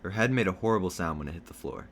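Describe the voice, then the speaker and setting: A man reading a novel aloud, telling a first-person story in a steady storytelling manner. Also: low-pitched, racing, vocal fry, a little hiss or hum. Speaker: reader.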